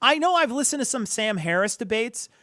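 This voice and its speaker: A man from Northern Illinois talks casually as a podcast co-host. His delivery rambles and restarts, with a pitch that leaps up and down as he gets worked up. The sound is dry and close to the mic. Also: a little fast, no echo. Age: adult, past college. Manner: animated, rambling with many restarts and swearing. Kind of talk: casual chat.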